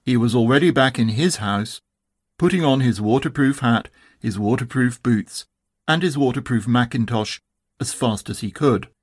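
A man narrating a children's storybook with a gentle, measured reading. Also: medium pitch, husky, no room sound, studio quality.

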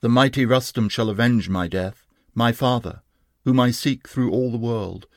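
A man reading a defiant young wounded warrior's speech in a slow, measured, archaic declaiming manner. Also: mid-range voice, dry recording, studio quality, lightly acted. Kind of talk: poetry reading.

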